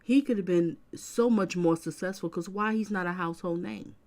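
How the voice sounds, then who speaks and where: A woman's voice: on the low side, normal speed, darkish tone. A woman hosting a commentary channel, musing and chatting in a casual, supportive way.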